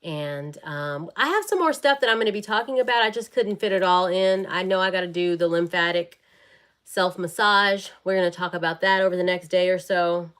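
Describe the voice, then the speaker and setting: A woman chats casually with her livestream audience. She is bubbly and talkative, calling them y'all. Her voice sits a little low. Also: brisk, a bit bright, smooth. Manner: bubbly, chatty, addresses viewers as y'all. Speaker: wellness vlogger and fitness live-streamer. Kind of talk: casual livestream chat with viewers.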